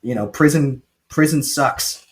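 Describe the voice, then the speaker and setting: A man co-hosting a casual podcast, retelling a film with jokes and quick paraphrased lines from its characters. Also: mid-range voice. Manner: chatty, joking, quick paraphrased quotes. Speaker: podcast co-host recapping a film. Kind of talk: casual chat.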